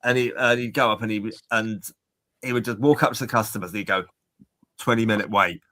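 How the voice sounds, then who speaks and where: A man's voice: on the low side, fairly even intonation, fast, pushed and bright. A man from England co-hosting a podcast, telling long casual stories with many restarts. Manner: rambling storyteller, many restarts. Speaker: podcast co-host. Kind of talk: casual chat.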